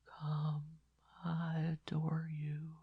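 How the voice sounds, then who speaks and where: A man's voice: a little high, monotone, drawn-out words, slightly rough, no room sound, dull audio, pitched above the performer's own voice, full character voice. A man voicing a feverish, lovesick dying young man who pleads breathlessly and fades into whispers in an audio drama. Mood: whispered imploring. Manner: breathless, imploring, fading to a whisper.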